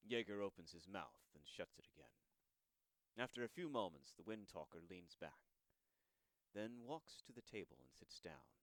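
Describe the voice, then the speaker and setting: A man's voice: low voice, expressive, normal speed, fairly bright tone, dry recording. A man narrating the scene action in a plain, descriptive way.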